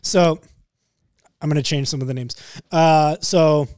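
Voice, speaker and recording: A young man co-hosting a podcast, setting up jokes in a deadpan, casual swearing way. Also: fairly high pitch, measured pace, dry recording, clean studio sound. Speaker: podcast co-host. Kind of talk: casual joke-telling chat.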